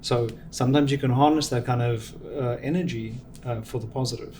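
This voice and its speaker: Middle-aged male guest, measured explainer, mid pitch, faint noise. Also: steady tone, darkish tone. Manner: measured, explanatory, gives examples. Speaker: venture capital guest. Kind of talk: reflective interview answers.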